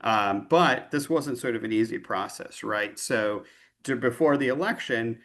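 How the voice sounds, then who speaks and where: A man giving a lecture over a video call at an ordinary, middle pitch. He speaks loosely and conversationally, often checking in with his listeners with a tag question. He sounds like a physician union leader explaining his work. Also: unhurried, a bit bright.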